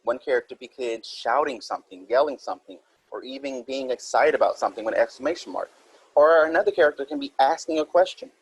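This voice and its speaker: Husky-voiced man teaching a writing lesson. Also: mid-range voice, animated, fast talker, no echo, rough recording. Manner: explains step by step, reads example sentences aloud. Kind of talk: recorded writing minilesson.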